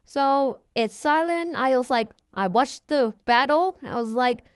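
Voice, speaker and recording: A woman with a fairly high voice rambles through a fan story, swearing freely and tangling her grammar. The recording is dry and close, with no room sound around her. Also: measured pace, dry recording. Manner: rambling, profane, ungrammatical.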